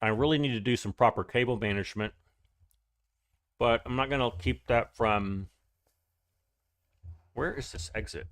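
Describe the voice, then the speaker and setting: A man's voice: mid-range voice, moderate pace, long pauses, fairly bright tone, dry recording. A man talking loosely into his stream while he plays a farming game, stopping to greet his chat with a friendly "howdy" and trailing off mid-sentence. His voice sits in an ordinary middle register. The sound is close and dry, with no room around it. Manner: chatty, greets viewers with "howdy", rambling restarts. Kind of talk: casual live-stream gaming commentary.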